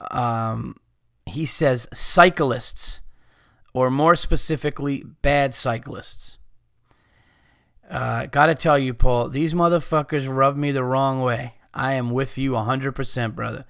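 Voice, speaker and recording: A man's voice: mid-range voice, steady tone, slow, gravelly, a bit bright, no room sound, studio quality. A man hosting a podcast, ranting in a casual, exasperated and profane way. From United States. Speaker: podcast host.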